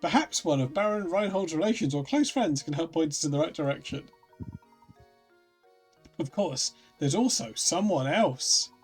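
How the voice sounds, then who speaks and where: A man voicing a calm, polite gentleman professor as he reads game dialogue aloud in a measured, courteous way. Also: on the high side, slightly rough, faint music behind. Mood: composed.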